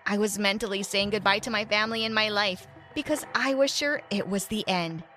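A woman narrating a first-person story in an animated way, acting out the characters' lines. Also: medium pitch, fairly quick. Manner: animated, voices characters in quotes. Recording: soft music behind.

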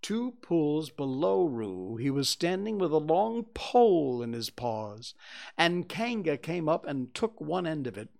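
A man narrating a children's storybook at a gentle pace. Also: a little high, big pitch swings, measured pace, vocal fry. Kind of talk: storybook reading.

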